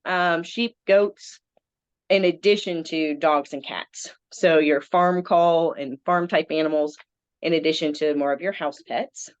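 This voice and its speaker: A woman's voice: sits low, fairly even intonation, measured pace, clear, resonant tone, dry recording, muffled recording. A woman in her thirties with a Southern American accent, chatting as a veterinarian guest with many ums. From Southern United States. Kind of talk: casual interview.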